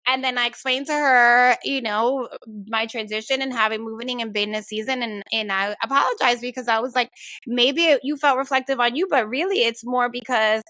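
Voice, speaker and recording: A woman's voice: fairly high pitch, a little fast, bright, forceful tone, no echo. A woman co-hosting a podcast, talking in a reflective, emphatic, candid way about friendship. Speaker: podcast co-host. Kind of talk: casual chat.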